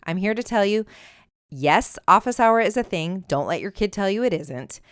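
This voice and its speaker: A middle-aged woman hosting a solo advice podcast, talking emphatically and conversationally, sometimes animated. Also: mid-range voice, normal speed, no echo, studio quality. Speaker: podcast host. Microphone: earbuds with mic.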